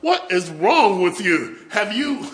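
A man's voice: high voice, big pitch swings, slow, a bit bright, pitched above the performer's own voice, heavily acted. A man acting out a stern, exasperated father scolding his son during a sermon. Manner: incredulous scolding.

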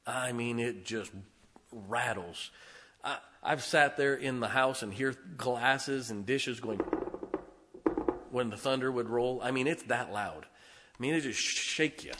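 A man's voice: mid-range voice, slow, bright, forceful tone, long reverb tail, slight background noise. A middle-aged man from northern Ohio telling a personal story in a folksy, conversational way, acting out the voices in it. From northern Ohio, near Lake Erie. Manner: folksy, conversational, acts out quoted dialogue.

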